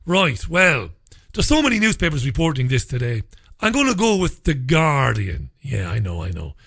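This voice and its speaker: A man's voice: mid-range voice, big pitch swings, moderate pace, vocal fry, fairly bright tone, husky. Sarcastic, brash male radio host. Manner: sardonic, sarcastic; blunt, swears freely. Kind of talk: talk radio monologue, reading listener messages.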